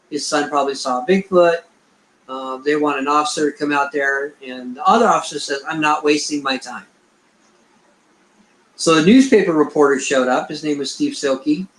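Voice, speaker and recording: A man's voice: fairly high pitch, a bit bright. A middle-aged man, a researcher being interviewed, who tells a rambling story and acts out the dialogue he quotes. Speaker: Bigfoot researcher, guest. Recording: echoey room.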